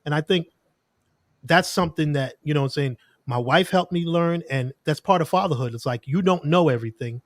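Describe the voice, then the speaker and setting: A podcast guest with a slightly high voice talks a little fast in a dry, studio-quality recording. He tells stories earnestly in casual conversation, using lots of "like" and quoted asides.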